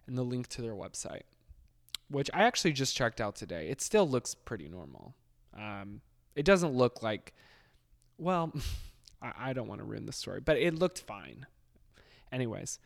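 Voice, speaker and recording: A man telling a comedic storytime, full of sarcastic self-deprecating asides and quick laughs. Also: medium pitch, gravelly. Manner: laughs often, lively mock quotes.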